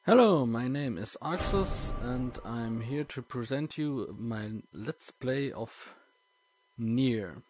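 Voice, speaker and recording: A man's voice: medium pitch, expressive, slow pace, a little mellow, slightly rough, faint music behind. A man with a German accent, a native German speaker, introducing his let's play in hesitant English with many ums. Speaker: let's player. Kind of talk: casual gaming commentary.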